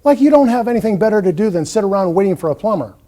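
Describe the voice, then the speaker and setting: A man's voice: high-pitched, expressive, very fast, dark tone. A man voicing a friendly business owner reading an on-hold message, reassuring and salesy. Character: small business owner recording phone greeting.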